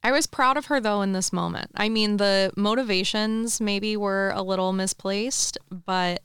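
A woman's voice: mid-range voice, steady tone, moderate pace, fairly bright tone, clean tone, dry recording, clean studio sound. A woman co-hosting a podcast, agreeably chatting about a book and laughing along. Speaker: podcast co-host. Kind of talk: casual book discussion.

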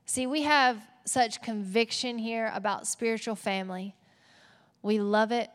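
Texas woman pastor, lively and playful sermon delivery, slightly high voice, echoing church hall. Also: measured pace. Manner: animated, playful asides. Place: church auditorium. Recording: long hall reverb.

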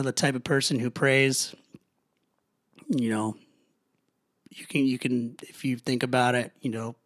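A young adult to middle-aged father talks solo on his own personal podcast, halting and earnest, frequently stopping to start over. He sounds low and weary yet presses on. His voice is of ordinary pitch, captured close and dry.

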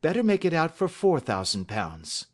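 A man voicing a composed, stern male detective in an audiobook, deliberate and authoritative. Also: fairly high pitch, huge pitch swings, a little mellow. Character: calm, stern male detective, measured and assured. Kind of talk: audiobook character reading.

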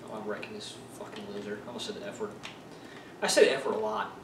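A man co-hosting a casual gaming podcast who makes sarcastic, deadpan jokes and swears. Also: medium pitch, quick pace, vocal fry. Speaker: podcast co-host. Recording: echoey room, distant mic, noisy.

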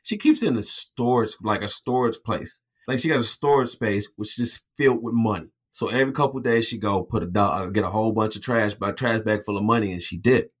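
A man co-hosting a casual comic review, talking in an animated, profane way and acting out scenes with put-on voices. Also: on the low side, brisk, few pauses. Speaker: podcast co-host reviewing a comic. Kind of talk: casual chat.

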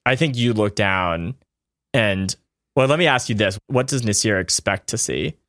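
A man narrating as game master of a tabletop game, calm and measured. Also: on the low side, dry recording, clean studio sound.

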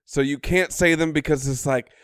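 A man playing in a tabletop game, animated and joking, with frequent profanity. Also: a little high, normal speed, clear, resonant tone. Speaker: player. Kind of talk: in-character tabletop play.

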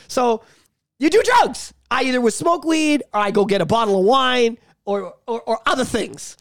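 A man with a notably high voice co-hosts a casual podcast, swearing freely and laughing as he talks. The sound is dry and close to the mic, with no room around it. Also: moderate pace, no echo. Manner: profane, animated, laughs often. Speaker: podcast co-host.

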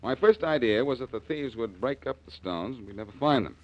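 An actor playing a cocky, wisecracking detective in a 1940s radio drama, trading quick sarcastic quips. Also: male voice, medium pitch, expressive, a little mellow, close to an everyday voice. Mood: wry. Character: wisecracking reformed-thief detective, cool and cocky. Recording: dull old radio broadcast.

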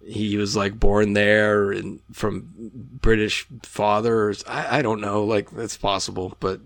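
A man's voice: on the low side, level tone, unhurried, dry recording, studio quality. A man co-hosting a podcast in casual chat, rambling and laughing often as he sips a drink. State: drinking while talking. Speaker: podcast co-host.

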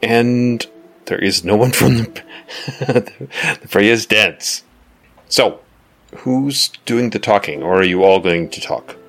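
A man narrating as game master for a tabletop game, slow and halting with many fillers. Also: fairly low pitch, fairly bright tone, faint music behind.

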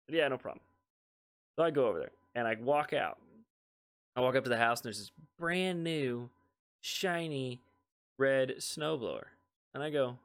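A man co-hosting a podcast, telling family stories in a relaxed chat and laughing along the way. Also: medium pitch, moderate pace, long pauses. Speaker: podcast co-host. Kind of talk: casual storytelling chat.

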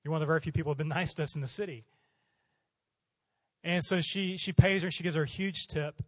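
Fast-talking animated male preacher. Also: on the high side, no echo. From Oklahoma. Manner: animated, acts out voices in his stories. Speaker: missionary preacher. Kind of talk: storytelling sermon.

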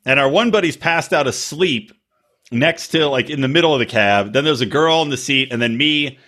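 A man's voice: mid-range voice, moderate pace, fairly bright tone. A middle-aged man co-hosting a podcast, rambling through crude anecdotes and laughing often in casual chat. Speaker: podcast co-host.

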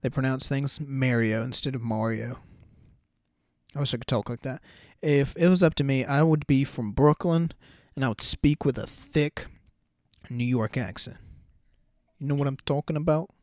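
A man's voice: mid-range voice, moderate pace, dry recording, studio quality. Slangy man hosting a podcast. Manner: loose and slangy, says bro a lot. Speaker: podcast host. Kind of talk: casual solo podcast talk.

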